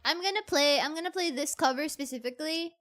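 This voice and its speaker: Brief: high-pitched woman streamer, excitable and gushing, chatty and repetitive. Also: fast talker, music in the background. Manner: excitable, gushing, repeats herself. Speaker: VTuber streamer. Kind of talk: casual livestream chat.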